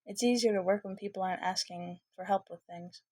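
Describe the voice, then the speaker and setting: A woman voicing a shy, brainy young male mutant turtle in a fan fiction reading, talking softly and modestly with hesitant pauses. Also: medium pitch, fairly even intonation, no echo, close to an everyday voice. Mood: shy, gentle.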